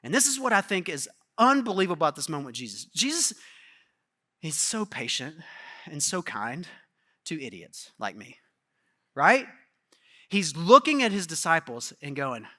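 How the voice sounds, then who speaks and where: A man preaching a sermon as pastor, casual and animated, acting out the quotes in his stories. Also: fairly high pitch, normal speed.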